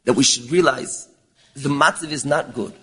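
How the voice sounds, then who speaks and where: A man giving a sermon, mixing English with Hebrew and Yiddish terms, dropping low and then rising into pleading calls. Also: normal speed, fairly bright tone, slightly rough. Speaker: rabbi giving a talk. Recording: long hall reverb.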